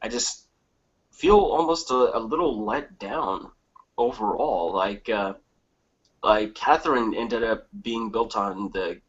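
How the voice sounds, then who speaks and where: Speaking slowly in a husky, lowish voice, this gaming-podcast panelist goes on profane, lively rants full of comedic asides and impressions. The recording has its high frequencies cut off.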